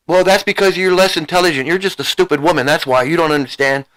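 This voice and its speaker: A man's voice: on the high side, steady tone, quick pace, fairly bright tone, voice pushed up, natural voice. A man voicing a condescending middle-aged husband who sneers and belittles his wife. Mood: sneering.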